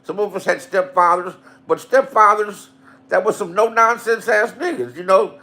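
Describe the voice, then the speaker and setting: A middle-aged man telling profane comic stories, animated, with big swings between loud and hushed, repeating lines for punch. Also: sits high, moderate pace. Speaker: storyteller. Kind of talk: profane comedic storytelling.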